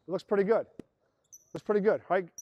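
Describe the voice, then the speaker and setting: This coach has a high-pitched, brisk delivery, captured in a muffled recording with no room sound. Working through plays on an indoor court, he energetically explains and calls out actions, imitating the players' voices as he goes.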